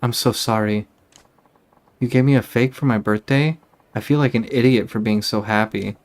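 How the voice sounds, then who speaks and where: A man's voice: medium pitch, normal speed, lightly acted. A man reading aloud for a young woman, a sweet, emotional girlfriend in a video game, in a raised voice. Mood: hurt. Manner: gushing then hurt, emotional.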